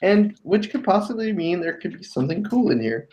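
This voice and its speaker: A man's voice: high-pitched, very animated, fairly quick, a little mellow, rough recording. Joking, swearing man on a live stream. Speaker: co-host showing items. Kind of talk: casual live-stream chat.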